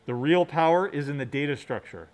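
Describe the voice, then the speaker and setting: A university lecturer delivers a recorded computer science lecture in a fairly high, animated voice at a fairly quick pace. He walks through the material step by step, often checking in with "right?", and mutters quietly to himself as he works on screen.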